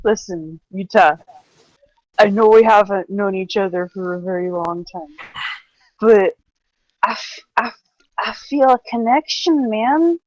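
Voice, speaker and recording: A woman's voice: medium pitch, a little slow, long pauses, darkish tone, no echo, voice pushed down, lightly acted, low-quality recording. A woman voicing a drunk, friendly woman who talks like a seventies hippie, rambling and slurring during a tabletop role-play game. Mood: tipsy, earnest.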